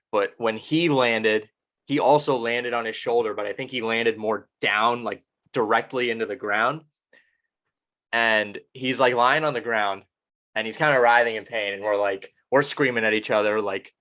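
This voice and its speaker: A man's voice: medium pitch, bright, forceful tone. A young man hosting a podcast, rambling and self-deprecating in casual chat. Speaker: podcast host.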